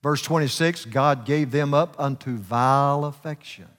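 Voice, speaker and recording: A man's voice: medium pitch, measured pace, a bit bright. A male preacher delivering a fervent sermon and telling a story, his voice swelling and dropping for emphasis. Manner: fervent, rising and falling for emphasis. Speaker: guest preacher. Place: church sanctuary. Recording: reverberant church hall.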